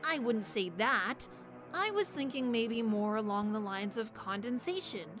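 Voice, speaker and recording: An actress playing a calm female scientist in a horror game, explaining things evenly. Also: fairly high pitch, measured pace, music in the background.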